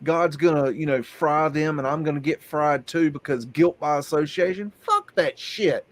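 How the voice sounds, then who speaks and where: A man co-hosting a casual podcast. His voice sits a little high for a man, and he talks bluntly and emphatically, swearing freely as he goes. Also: steady tone, normal speed. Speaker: podcast co-host. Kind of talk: casual chat.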